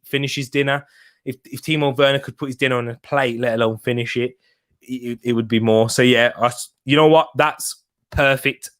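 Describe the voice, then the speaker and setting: A man's voice: mid-range voice, smooth. A young man hosting a live football watch-along, chatting casually and answering viewers' comments by name.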